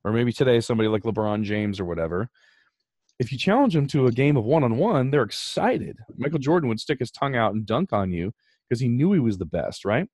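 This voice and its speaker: A man's voice: medium pitch, brisk, no room sound, clean studio sound. A man hosting a podcast, explaining finance numbers in a casual, emphatic way. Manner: animated, emphatic, talks through numbers. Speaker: podcast host.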